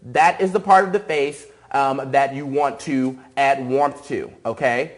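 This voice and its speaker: A man's voice: medium pitch, a little slow, low-quality recording. A man giving a live makeup tutorial, enthusiastic and repetitive, often checking in with "okay?". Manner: enthusiastic, repeats cues and says okay often. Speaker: makeup artist demonstrating airbrush.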